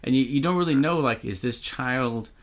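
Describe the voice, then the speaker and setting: A man's voice: mid-range voice, normal speed. A man co-hosting a podcast, recapping a horror film's plot in a laid-back, casual storytelling way. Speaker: podcast co-host.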